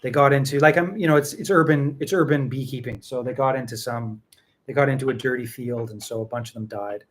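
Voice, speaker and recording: A man's voice: medium pitch, a little fast. A man hosting a casual tea tasting chat, rambling and repeating himself for emphasis. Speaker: tea seller and show host.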